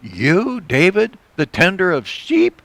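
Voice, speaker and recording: A scornful older brother, jealous and belittling, sneering at his younger sibling, voiced by a man reading aloud. The voice sits a bit high. The sound is dry and close. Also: very animated, takes it slowly, fairly bright tone, dry recording, full character voice. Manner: mocking, belittling.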